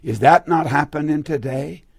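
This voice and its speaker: Male preacher with a high voice, fervent and repetitive, giving a Pentecostal sermon with a dry sound. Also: normal speed, gravelly, breathy edge, no room sound.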